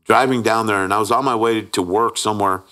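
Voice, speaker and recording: A man with a somewhat low voice tells his own story as a guest, candid and plain-spoken. He keeps checking in with his listener and slips into the voices of the people he quotes. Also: fairly even intonation, fairly quick, sharp tone. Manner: earnest storyteller who acts out the quoted voices; plain-spoken with frequent restarts and 'right?'. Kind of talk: candid personal testimony.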